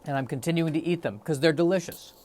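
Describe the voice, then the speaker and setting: A man's voice: on the high side, fast, a little mellow. A man hosting a solo podcast, rambling in a wry, self-deprecating way. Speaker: podcast host. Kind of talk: solo comedic podcast monologue.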